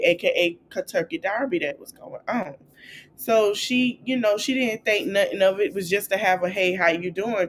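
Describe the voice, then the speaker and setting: A woman hosting a podcast, recapping celebrity gossip in a chatty, animated way and acting out quotes in a high, playful voice. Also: slight background noise. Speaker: podcast host.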